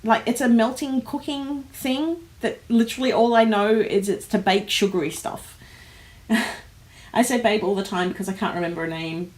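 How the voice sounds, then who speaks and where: Woman, Australian accent, casual livestream chat, animated, laughs a lot, home office. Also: a little high, moderate pace. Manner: chatty, animated, laughs often, many fillers. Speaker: host of a planner livestream.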